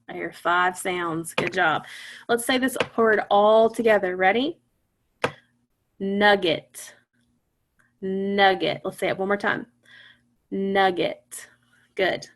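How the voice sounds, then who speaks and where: Slow, patient woman teaching phonics. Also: medium pitch, fairly bright tone. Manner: slow, patient, encouraging, sounding words out. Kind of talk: phonics lesson for young children.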